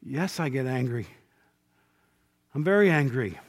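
A man's voice: animated, unhurried. Man preaching a casual Bible class. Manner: conversational, asks the class questions, acts out quotes; drops to a low quiet voice on key points. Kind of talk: informal Bible class sermon.

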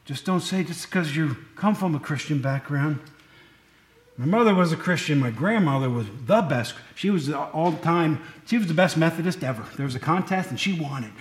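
A man's voice: on the high side, roomy sound. A man preaching a conversational sermon, folksy and digressive, often correcting himself mid-sentence, in a church.

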